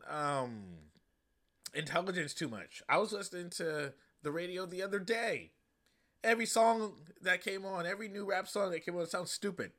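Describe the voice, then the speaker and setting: A man hosting a podcast, reviewing a movie in a loose, profane, animated way. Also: high-pitched. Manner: loose, profane and animated, acting out quoted lines. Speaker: podcast host. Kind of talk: casual comedic movie review.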